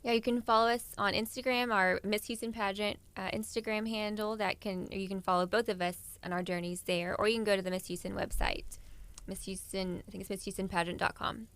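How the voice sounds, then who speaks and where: A woman's voice: medium pitch, steady tone, fairly quick, a bit bright, clean tone. A young woman in her twenties, a pageant contestant, chatting in a radio studio and laughing easily. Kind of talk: casual radio interview.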